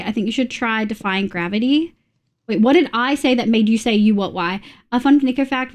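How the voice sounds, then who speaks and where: A young woman from Australia chatting casually on a gaming livestream, swearing often and reacting loudly to scares. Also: fairly high pitch. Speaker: streamer.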